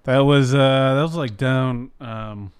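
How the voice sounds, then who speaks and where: A man's voice: mid-range voice, measured pace, clear, resonant tone, no room sound. A young man telling a story in casual chat, rambling, swearing and filling his talk with "like". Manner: rambling, heavy 'like' fillers, swears, acts out voices in his story.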